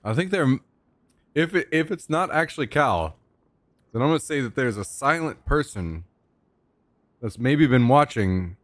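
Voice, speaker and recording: A man's voice: medium pitch, animated, a little slow, long pauses, a bit bright, dry recording. A young man streaming from home into a desk microphone, in a loose, joking manner that swears casually and chats with his viewers. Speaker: livestreamer. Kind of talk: casual live-stream chat.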